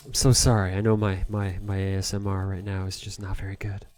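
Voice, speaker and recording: A man's voice: deep voice, monotone, fairly quick, darkish tone. A man chatting casually to his live-stream viewers while cleaning a console, rambling and self-deprecating, laughing often.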